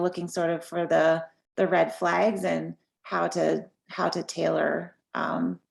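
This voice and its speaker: Gravelly woman losing her voice. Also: lowish voice. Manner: careful, thoughtful explanation. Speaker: neuropsychologist. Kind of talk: professional discussion on a video call. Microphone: video call.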